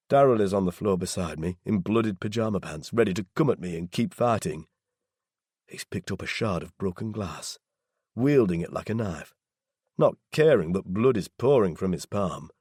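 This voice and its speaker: A man narrating a first-person audiobook with tense, low intensity. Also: moderate pace, darkish tone, slightly rough, dry recording, studio quality.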